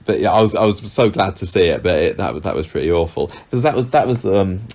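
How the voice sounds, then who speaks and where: Deep-voiced man chatting. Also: expressive, fast, darkish tone. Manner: hesitant, with many restarts and fillers. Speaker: podcast co-host. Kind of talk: casual chat.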